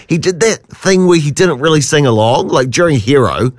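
A man's voice: a little high, expressive, normal speed, no room sound, clean studio sound. A man, co-hosting a radio show in casual, storytelling banter. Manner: chatty, storytelling, laughs easily. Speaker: radio host.

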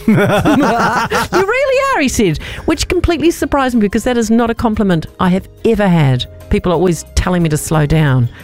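A woman's voice: on the low side, darkish tone. A woman co-hosting a radio show, telling an everyday story in casual banter and laughing often. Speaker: radio co-host.

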